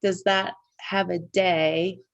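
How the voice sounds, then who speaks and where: Gravelly low-voiced woman telling stories. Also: level tone, slow pace, highs cut off. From Indiana. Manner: reflective, tells personal stories at length. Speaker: podcast co-host. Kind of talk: casual conversation.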